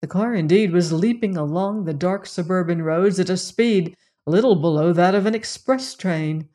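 A narrator reading a classic mystery novel aloud in measured, dramatic storytelling. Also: medium pitch, warm tone. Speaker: audiobook narrator. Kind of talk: scripted narration.

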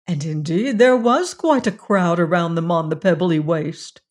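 A storyteller reading a fairy tale aloud in a gentle, measured way, as host of a weekly reading. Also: medium pitch.

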